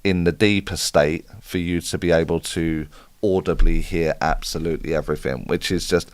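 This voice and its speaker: A man's voice: deep voice, steady tone, moderate pace, dry recording. A man, a spiritual medium, chatting casually as he answers viewer questions on a live stream. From United Kingdom. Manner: chatty, reads out viewer comments and answers off the cuff.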